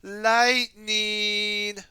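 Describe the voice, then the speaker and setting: A man doing a shouting young ninja hero. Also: high-pitched, little pitch movement, very slow, clear, resonant tone, no room sound, clean studio sound, pitched above the performer's own voice, heavily acted. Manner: shouts battle cries.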